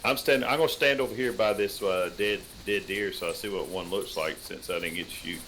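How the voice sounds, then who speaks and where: Deep-ish guy streaming a hunting game, laid back and teasing, faint background noise. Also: a little fast, a bit bright, poor audio. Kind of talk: casual gameplay chat.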